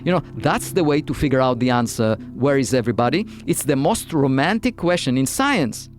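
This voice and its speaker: Halting man physicist in interview. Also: fairly high pitch, lively intonation. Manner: hesitant, many fillers and restarts. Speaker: physicist guest. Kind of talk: interview conversation.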